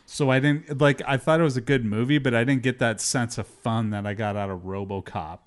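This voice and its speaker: A man hosting a casual chat, animated and filler-heavy, laughing often. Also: medium pitch, brisk.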